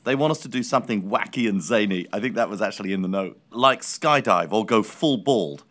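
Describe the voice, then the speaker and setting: A man with a fairly low voice co-hosts a casual football chat. He speaks in a measured way and teases his partner with dry humor. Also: lively intonation, fairly bright tone. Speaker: podcast co-host.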